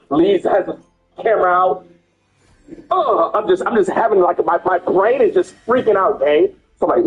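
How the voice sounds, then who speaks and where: A young man telling a wild personal story in casual chat, excitable, swearing and stammering through repeated words. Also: high voice, normal speed, pauses often, phone-quality sound, soft background music.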